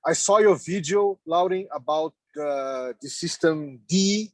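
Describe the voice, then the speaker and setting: Guy calling in from the car, kinda high voice, stumbles and repeats words, laughs a lot, dry sound. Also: unhurried, no room sound. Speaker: meeting participant. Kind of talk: casual video call chat. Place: in a car on the road. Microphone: video call.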